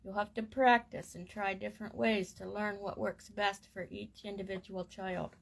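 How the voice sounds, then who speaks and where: A woman reading a parenting course book aloud in a gentle, measured and soothing way. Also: mid-range voice, steady tone, gravelly. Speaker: reader of a parenting course text.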